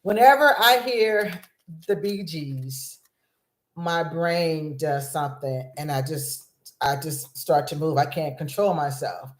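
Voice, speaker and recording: A woman in her fifties from Los Angeles hosts a live video chat as a vlog host, bubbly and scattered, frequently restarting her sentences in excited, rambling talk. Her voice is low-pitched and slow, and the room has an echo.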